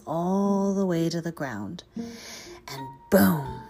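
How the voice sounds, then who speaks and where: Low-voiced woman telling a myth. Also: slow pace. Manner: expressive, drops to whispers. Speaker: storyteller. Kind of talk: dramatic storytelling. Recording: guitar music behind.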